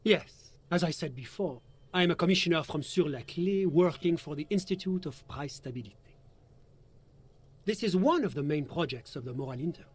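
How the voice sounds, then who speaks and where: An actor voicing a polite, formal male bureaucrat commissioner in a video game, explaining things in a courteous, measured way. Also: fairly high pitch, animated, breathy edge. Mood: measured, explanatory. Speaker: game character.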